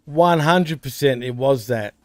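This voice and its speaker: A man's voice: mid-range voice, unhurried, dry recording. An Australian man co-hosting a podcast, chatting casually in a laid-back way, calling people bro and dude. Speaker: podcast co-host. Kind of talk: casual wrestling banter.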